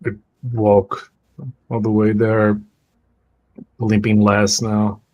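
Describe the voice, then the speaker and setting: A man's voice: fairly low pitch, monotone, a little mellow, highs cut off. A man playing a tabletop game, hesitantly describing his character's actions. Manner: hesitant, halting. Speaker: player.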